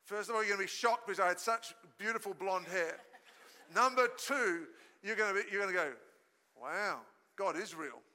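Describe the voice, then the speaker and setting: A male pastor delivering a lively sermon, his voice pitched high and ringing very bright. He tells stories with energy and invites the congregation to join in. Long reverb from the church hall trails every phrase. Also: a little fast, slight background noise. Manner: storytelling, energetic preaching with audience call-and-response.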